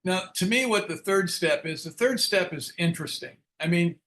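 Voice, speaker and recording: Bright-voiced older man telling his story. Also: sits high, normal speed. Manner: frank, self-mocking, chuckles often. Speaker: speaker leading a recovery book study. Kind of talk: candid storytelling talk.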